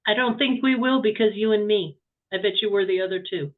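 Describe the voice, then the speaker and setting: A woman co-hosting an online exam-prep webinar, casual and low-key, talking over a video call. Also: fairly quick, phone-quality sound. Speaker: co-host and instructor.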